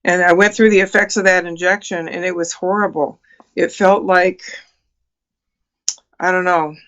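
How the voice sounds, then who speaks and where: A woman's voice: lowish voice, fairly even intonation, normal speed, fairly bright tone, lo-fi sound. A woman in her sixties, a guest on a talk show, earnestly recounting a personal experience with many fillers and restarts. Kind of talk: telling a personal story in an interview.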